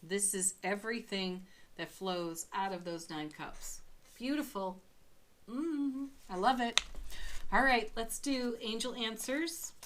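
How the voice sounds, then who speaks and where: A woman giving a daily tarot card reading, gentle and affirming, with frequent soft laughs. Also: mid-range voice, slow pace, a little hiss or hum.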